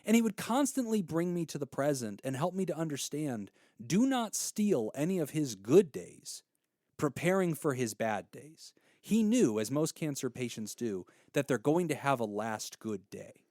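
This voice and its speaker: A man's voice: fairly high pitch, very animated, moderate pace, darkish tone, dry recording, clean studio sound. Earnest man in his thirties giving advice. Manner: earnest, heartfelt storytelling. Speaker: podcast host giving advice. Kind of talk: casual advice podcast.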